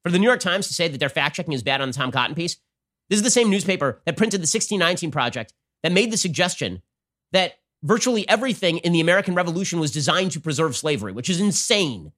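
A man hosting a political commentary show, talking in a rapid-fire, sarcastic and combative way. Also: on the high side, sing-song, fairly bright tone. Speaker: show host.

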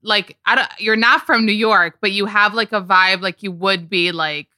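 A woman hosting a gossip podcast, excitable and casual, filling her sentences with "like.". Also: mid-range voice, moderate pace, dry recording, studio quality. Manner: excitable, fills her talk with "like". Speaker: podcast host.

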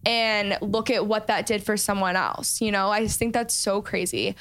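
A young woman hosts a podcast and talks with a relaxed, reflective ease. Her voice is smooth and clear, at a medium pitch. She speaks like she is chatting with a friend. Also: normal speed. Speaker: podcast host. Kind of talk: casual podcast chat.

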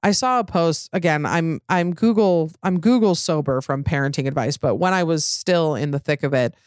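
A woman's voice: sits low, moderate pace, no echo, clean studio sound. A young adult woman hosting a casual, candid chat, rambling with many fillers and frank swearing.

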